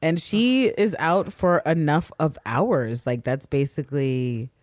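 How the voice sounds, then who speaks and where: Animated, swearing podcast co-host. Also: medium pitch, slow, dry recording, clean studio sound. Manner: animated, often laughing and acting out characters' lines; swears freely. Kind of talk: casual TV recap chat.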